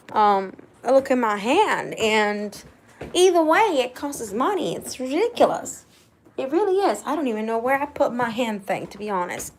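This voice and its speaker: A woman vlogging casually, retelling a mishap in an exasperated, animated way. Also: on the high side, slight background noise. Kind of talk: casual vlog storytelling.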